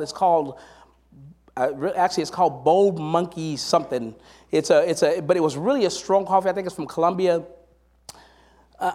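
A man's voice: on the high side, a little mellow. A middle-aged man preaching a sermon, telling personal stories and rising to emphatic exhortation.

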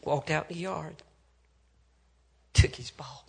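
High-voiced preacher telling a dramatic story. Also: male voice, fairly even intonation, measured pace, vocal fry, slightly rough. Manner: swings from hushed whispers to loud cries; acts out the people in the story.

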